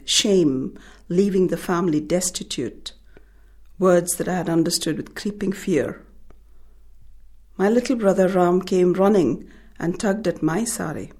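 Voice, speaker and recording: A woman from India, an author, talking about her short story and then reading it in a measured, thoughtful way. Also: lowish voice, a little mellow.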